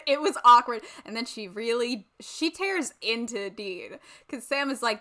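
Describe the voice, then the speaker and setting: A giggly young woman with a Massachusetts accent co-hosts a podcast in loose, rambling chat, full of ums and uhs. Her voice is bright and crisp and sits somewhat high for a woman. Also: animated, unhurried, hardly any pauses. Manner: giggly, rambling with many fillers. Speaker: podcast co-host. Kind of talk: casual chat.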